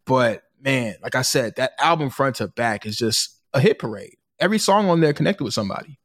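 A man's voice: mid-range voice, expressive, a little fast, fairly bright tone. A man co-hosting a podcast in casual chat, earnest and rambling. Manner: earnest, rambling, with many fillers. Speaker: podcast co-host.

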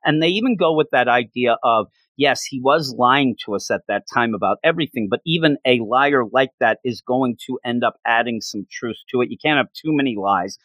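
A man in casual chat, excitedly recapping a comic book issue in a rambling way. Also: mid-range voice, fairly quick, hardly any pauses, no room sound. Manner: enthusiastic, rambling recap with frequent laughs.

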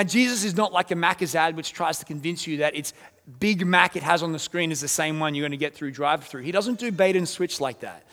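A man preaching a sermon as pastor, telling stories with lively, acted-out quotes. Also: on the high side. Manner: animated storytelling, acts out quoted voices. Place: church auditorium. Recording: church hall reverb.

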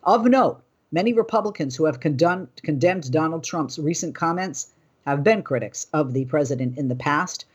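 A woman hosting a news commentary show, reading political quotes and then riffing on them in an animated, indignant way. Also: low voice, moderate pace, slightly rough. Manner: animated, indignant, talking off script. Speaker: host.

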